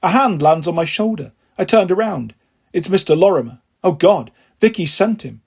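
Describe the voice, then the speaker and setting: A man reads a children's novel aloud, telling it steadily in the first person. His voice is husky and breathy and sits high for a man. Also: lively intonation, moderate pace, a little mellow. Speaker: audiobook reader.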